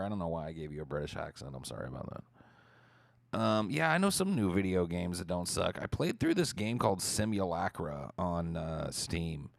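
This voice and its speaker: A man streaming, casually answering viewer questions in a relaxed, rambling way and swearing freely. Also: deep voice, moderate pace, vocal fry, no room sound, studio quality.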